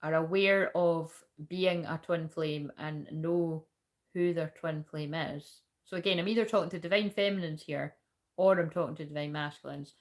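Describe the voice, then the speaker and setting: Woman tarot reader, lower-pitched voice, rambling and chatty with frequent swearing; casual spiritual reading. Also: moderate pace.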